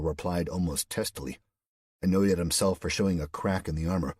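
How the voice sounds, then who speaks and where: A man narrating an audiobook in a steady storytelling manner. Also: low-pitched, fairly quick, breathy edge, no echo, clean studio sound. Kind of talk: scripted narration.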